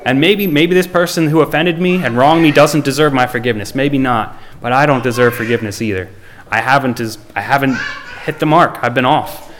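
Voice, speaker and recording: A man's voice: mid-range voice, fairly quick, fairly bright tone. Guy preaching a sermon, earnest, lots of ums and restarts, bit of faint noise in the background. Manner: earnest, plain-spoken, with frequent ums and restarts; reads scripture aloud in old-fashioned wording. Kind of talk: sermon with scripture reading and closing prayer.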